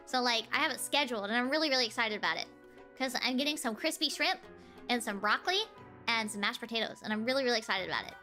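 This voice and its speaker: A woman's voice: fairly high pitch, animated, fast talker, pushed and bright, faint music behind. A young woman from the southern United States streaming, chatting casually with giggles. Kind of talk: casual chat.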